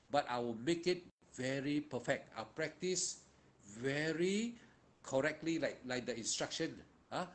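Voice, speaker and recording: Malaysian man guiding a meditation. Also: fairly high pitch. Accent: Malaysian English. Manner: informal, repetitive, emphatic, with Malay and local slang particles. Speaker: meditation teacher. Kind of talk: guided meditation instruction.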